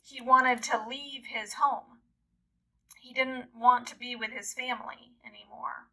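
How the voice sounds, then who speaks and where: A woman teacher retelling a story for English learners, repeating key words and explaining them deliberately. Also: high voice, pushed and bright, low-quality recording.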